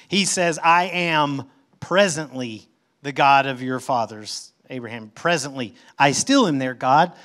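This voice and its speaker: A man preaching a sermon as pastor, reading scripture aloud and explaining it conversationally with emphatic swings in pitch and loudness. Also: unhurried.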